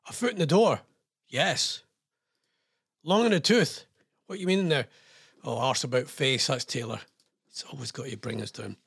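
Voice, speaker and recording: A man's voice: mid-range voice, moderate pace, vocal fry, long pauses, fairly bright tone, slightly rough, dry recording, studio quality. A man hosting a radio show, chatting casually in a rambling, self-deprecating way. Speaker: radio host.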